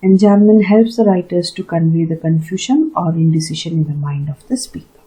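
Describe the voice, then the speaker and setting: A woman teacher gives a recorded lecture, walking through each idea step by step with fillers and repetition. Her voice is very dark and mellow, a little low, with a husky edge. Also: fairly quick, low-quality recording. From India. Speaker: literature teacher.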